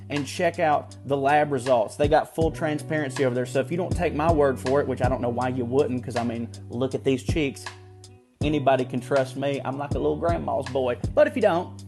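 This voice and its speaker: A man co-hosting a comedy podcast, reading a sponsor ad in a loose, joking way and swooping his voice up high for emphasis. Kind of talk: casual ad read.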